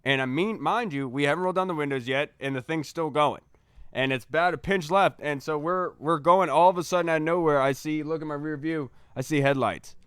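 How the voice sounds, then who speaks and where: Young man, podcast co-host, animated storyteller, smooth voice, dry close sound. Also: a little high, a little fast, no echo. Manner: animated, acts out quoted voices. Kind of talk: casual storytelling.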